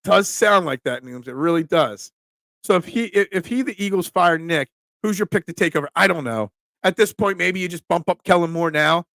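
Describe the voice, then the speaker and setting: A man's voice: high-pitched, normal speed, no echo, studio quality. A man hosting a casual sports talk live stream, reading viewer comments aloud and answering them with emphatic opinions. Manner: animated, emphatic, reads chat aloud.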